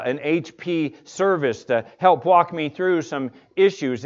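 A man preaching a sermon in a conversational storytelling way, as a pastor. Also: fairly high pitch. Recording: dull lo-fi recording.

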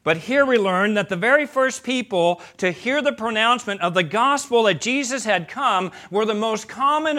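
Forceful, bright-voiced preaching man. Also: high-pitched. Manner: emphatic preaching, swings from loud to hushed; addresses listeners as beloved. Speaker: pastor. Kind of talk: sermon.

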